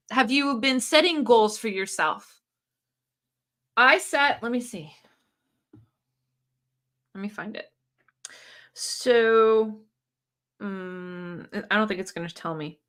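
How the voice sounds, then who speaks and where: A woman from the United States hosting a casual livestream, chatting and reading viewer comments aloud in an animated way. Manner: chatty and animated, pitch leaping up and down. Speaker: livestream host.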